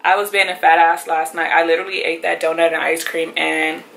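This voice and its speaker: A woman's voice: sits low, little pitch movement, fairly quick, gravelly, fairly bright tone, slight background noise, poor audio. A young woman vlogging casually at home, chatty and rambling and laughing often. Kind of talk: casual vlog talk to camera.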